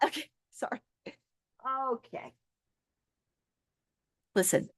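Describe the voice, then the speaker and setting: A young woman giving a casual live tarot reading, blunt and profane, who breaks into quick high-pitched voices to act out her listeners. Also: no room sound, studio quality. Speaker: tarot reader.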